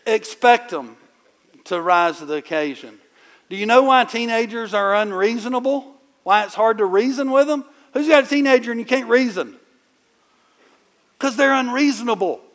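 A middle-aged man preaching in a conversational, animated storytelling way, with sudden loud bursts. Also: extremely high pitch, normal speed. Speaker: pastor. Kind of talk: sermon.

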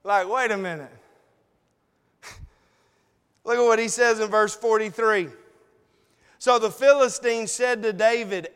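In a church sanctuary, a man delivers a sermon at a slow, deliberate pace, his voice high, smooth, clear and fairly bright. He speaks in a folksy, conversational way punctuated by dramatic pauses, and a long reverb carries his words through the hall.

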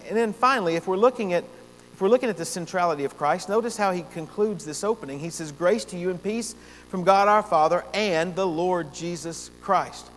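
A man preaching a sermon as pastor, earnest and emphatic, repeating phrases for stress. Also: high-pitched. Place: church sanctuary. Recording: long church reverb, faint hum.

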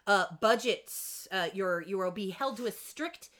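An unhurried woman with a medium-pitched voice co-hosts a podcast, casually recapping an episode. She animatedly acts out the characters' lines in quotes.

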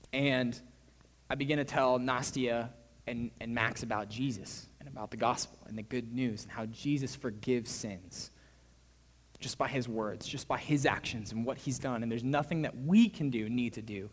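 A young man delivers a sermon in a relaxed, conversational way and slips into the voices of the people in his story. His voice sits at a middle pitch. A long hall reverb trails after each phrase. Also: moderate pace. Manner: casual, storytelling, acts out quoted voices. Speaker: preacher.

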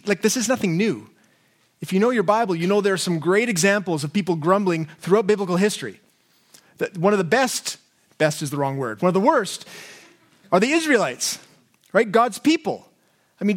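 A man preaching a sermon in an earnest way, often repeating words and asking his listeners questions. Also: sits high.

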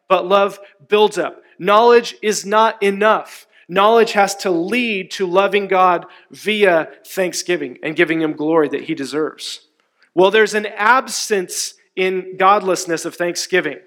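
A man's voice: high voice, fairly bright tone. A man preaching a sermon, emphatic and asking his congregation questions. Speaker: pastor.

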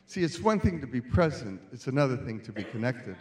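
A man preaching as a guest speaker at a church celebration, moving from quiet storytelling to loud calls to the congregation. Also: medium pitch, big pitch swings, fairly quick. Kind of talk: sermon.

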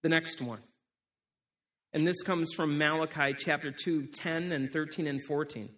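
A man's voice: fairly high pitch, fairly even intonation, unhurried, a bit bright. A man preaching a sermon in a conversational way, often repeating words as he restarts. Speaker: pastor.

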